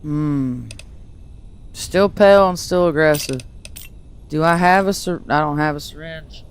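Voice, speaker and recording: A man's voice: fairly high pitch, measured pace, slight background noise. A man streaming a game, talking wryly to the characters and joking as he plays. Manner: wry, joking, talks to the characters. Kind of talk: casual gameplay commentary. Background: game music.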